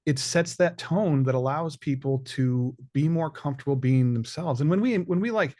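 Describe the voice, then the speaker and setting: A man's voice: fairly high pitch, normal speed, darkish tone. A man interviewing a guest in a casual chat, supportive, often repeating words as he starts a thought.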